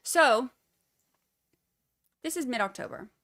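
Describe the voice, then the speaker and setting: A woman giving casual, animated true crime commentary on a livestream, sarcastic and full of mocking asides. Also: high voice, slow pace.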